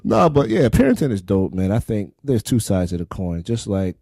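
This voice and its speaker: A man's voice: on the low side, sing-song, normal speed, vocal fry, mellow, dry recording, studio quality. A young adult man co-hosting a casual podcast chat, laid-back and joking about parenting. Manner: laid-back, joking, laughs while telling stories. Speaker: podcast co-host.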